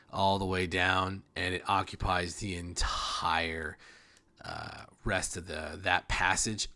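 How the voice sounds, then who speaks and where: A man's voice: low voice, creaky, a bit bright. A man narrating a tabletop game as game master, describing scenes with frequent restarts.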